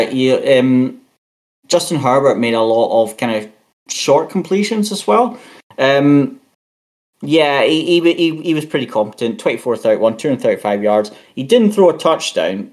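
A man co-hosting a podcast in casual sports chat, hesitant with fillers while reading out stats, and he has the hiccups. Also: mid-range voice. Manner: hesitant, many fillers and restarts, reads out stats. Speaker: podcast co-host.

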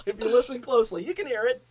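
Podcast host: man with a high voice, loud, profane and quick to laugh. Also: breathy edge. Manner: crude, swearing, laughing a lot. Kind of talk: casual podcast chat.

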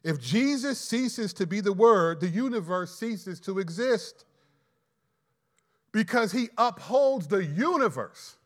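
A man preaching a sermon, emphatic, with sudden loud stresses and slowed key phrases. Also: sits high, lively intonation.

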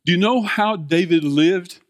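A man's voice: sits high, measured pace, no room sound. An older man, preaching a folksy sermon, chatting with the congregation, asking questions and chuckling often.

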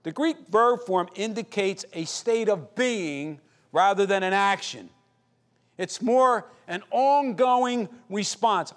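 A man with a notably high voice delivers a sermon from the pulpit. He reads scripture aloud, then swells into fervent, earnest prayer. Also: animated, slow. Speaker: pastor.

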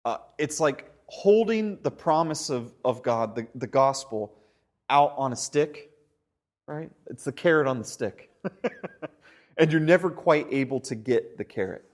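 A man preaching a sermon with animated delivery, stumbling over repeated words and often asking "right?". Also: medium pitch, a little slow. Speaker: pastor.

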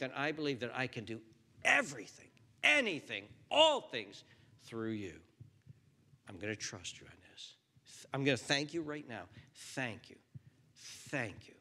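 A man preaching as a pastor sounds earnest and pleading. He swings between loud, high pleas and a hushed near-whisper.

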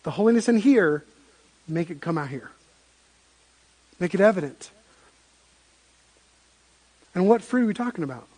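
A man preaching a sermon as pastor, telling stories in an animated way with frequent restarts. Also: high-pitched, moderate pace, pauses often.

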